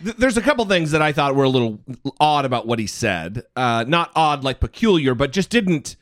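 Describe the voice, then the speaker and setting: A man co-hosting a podcast, teasing and joking in casual chat. His voice sits a little high and leaps all over the place as he riffs. The studio sound is close and dry. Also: very animated, a little fast, no room sound. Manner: joking, teasing, swoops between high and low. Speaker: co-host.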